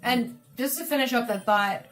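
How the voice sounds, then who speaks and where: A woman chatting and telling stories during a game session. Her voice sits fairly high and her delivery is lively and exasperated. Faint music plays underneath. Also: normal speed. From Canada. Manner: animated, exasperated storytelling. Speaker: co-host, bakery owner. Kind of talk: casual storytelling while gaming.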